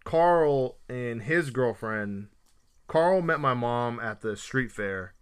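A man's voice: medium pitch, lively intonation, slow pace, smooth. A man co-hosting a podcast, telling stories in casual chat with lots of joking and swearing. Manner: joking, profane storytelling. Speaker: podcast co-host.

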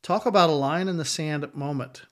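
A male pastor delivering a sermon, his voice sitting a little high for a man. He speaks emphatically and circles back to repeat his key lines for effect. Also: normal speed, fairly bright tone.

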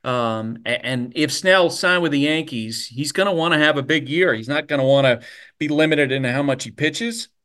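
A man's voice: a little high, normal speed, a bit bright. A man hosting a baseball podcast, talking casually and thinking aloud as he answers listener questions. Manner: conversational, thinks aloud with fillers. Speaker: podcast host.

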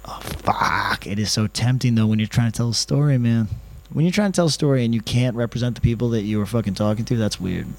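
A man's voice: mid-range voice, fast, hardly any pauses, dark tone. A man hosting a podcast, telling a comedic story in a rambling, profane, self-mocking way. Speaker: podcast host.

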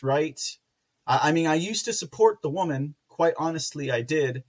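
A man hosting a casual political commentary livestream, rambling with many fillers and restarts, with sarcastic asides and loud laughs. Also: fairly high pitch, normal speed. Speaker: podcast host.

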